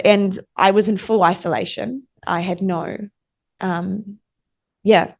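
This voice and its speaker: A woman's voice: medium pitch, vocal fry. A young woman sits in for a casual interview. She tells her stories in a loose, chatty way full of fillers and acts out what people said to her. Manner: chatty storyteller, lots of "like", acts out quoted exchanges. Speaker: interview guest.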